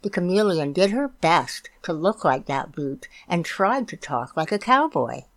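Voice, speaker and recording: A woman reading a children's picture book aloud, gently explaining things for young listeners. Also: lowish voice, animated, unhurried. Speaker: storytime reader.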